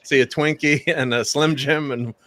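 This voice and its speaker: Relaxed male guest, dry close sound. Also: medium pitch, normal speed, no echo. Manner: relaxed, many uhs, light laughs. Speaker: panel guest, channel creator. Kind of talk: casual panel chat.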